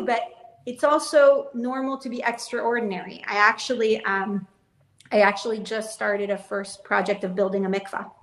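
A woman's voice: mid-range voice, fairly even intonation, normal speed, fairly bright tone, roomy sound. A young adult woman, a business owner, talking earnestly and at length as an interview guest, often laughing as she speaks. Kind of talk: casual interview chat.

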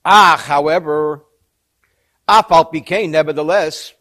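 High-voiced man teaching a sacred text. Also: a little slow. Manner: lively storyteller, mixes Hebrew and Yiddish terms with English translation. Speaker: Torah teacher. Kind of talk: storytelling lecture on a sacred text.

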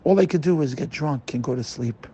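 A man's voice: mid-range voice, fairly quick, warm tone, husky, dry recording, muffled recording, close to an everyday voice. A man voicing a remorseful, middle-aged man who confesses his wrongdoing to a rabbi and pleads for forgiveness. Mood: ashamed. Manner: pleading, emotional.

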